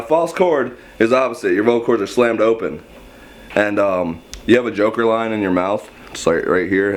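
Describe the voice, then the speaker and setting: Low-voiced man casually explaining screaming. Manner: rambling, self-deprecating, halting restarts. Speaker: screaming vocal instructor.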